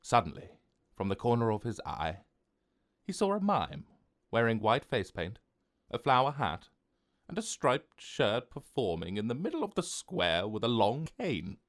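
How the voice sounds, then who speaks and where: A man narrating a children's animated short in a gentle, expressive storytelling voice. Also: medium pitch, unhurried.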